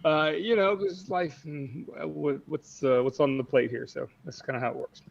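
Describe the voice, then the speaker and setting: A man joining a podcast as a guest over a video call, talking hesitantly with halting restarts, his mic set a little away. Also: a little high, fairly even intonation, creaky. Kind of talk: casual chat. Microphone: desk mic set a little away, video call. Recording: dull lo-fi video-call audio.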